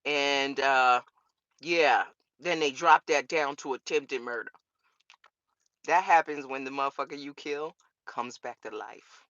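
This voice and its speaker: A woman's voice: extremely low pitch, measured pace, fairly bright tone, no echo, lo-fi sound. Profane, emphatic woman vlogger. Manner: profane, emphatic, rhetorical questions. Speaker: vlogger on a law channel. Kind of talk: casual straight-to-camera rant.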